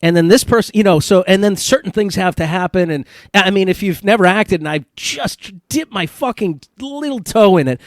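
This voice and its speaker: A man hosting a podcast, talking in an excitable, rambling way and swearing often. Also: sits high, normal speed, hardly any pauses, no echo, clean studio sound. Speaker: podcast host. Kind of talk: casual podcast chat.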